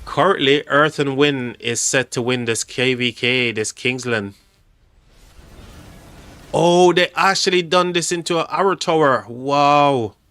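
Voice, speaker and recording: A man's voice: mid-range voice, measured pace, fairly bright tone, smooth, faint music behind. A man hosting a casual livestream, reading chat aloud and laughing often. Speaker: livestream host.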